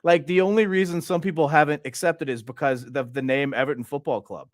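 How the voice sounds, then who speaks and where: A young man hosting a Louisiana football fan channel rants in a fairly quick, slightly high voice with fairly even intonation. His frustration comes out in repetitive, exasperated bursts, captured in a dry, clean studio recording.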